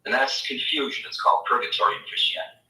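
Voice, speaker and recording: Male spiritual teacher, animated storyteller, piercingly bright tone, distant mic. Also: fast talker. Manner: animated storytelling, acting out imagined voices. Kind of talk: spiritual lecture. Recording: echoey room, mic far off.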